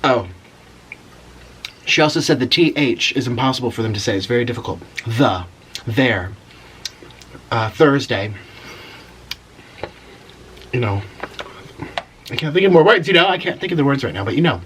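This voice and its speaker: A man's voice: medium pitch, lively intonation, fast, long pauses, fairly bright tone, a little hiss or hum, low-quality recording. A man hosting an eating video, chatting casually and rambling while he eats and murmurs with each bite. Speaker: mukbang host.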